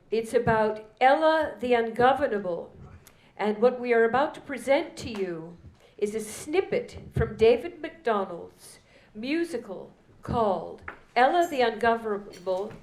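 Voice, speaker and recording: Slow-speaking woman host in an echoey hall. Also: a little high, a little mellow. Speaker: event host. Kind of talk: introducing performers at a benefit. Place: event hall with live audience. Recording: roomy hall echo.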